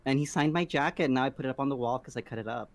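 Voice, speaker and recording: A man's voice: medium pitch, very fast, slight background noise. A man streamer on a convention panel, effusive and gushing, talking with many fillers. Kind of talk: casual panel chat.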